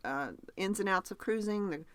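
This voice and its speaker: A woman with a Southern accent hosts a casual podcast chat, talking at an ordinary pitch and laughing often. She asks her cohost question after question. The sound is close and dry. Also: moderate pace, fairly bright tone, smooth, no echo. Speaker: podcast host.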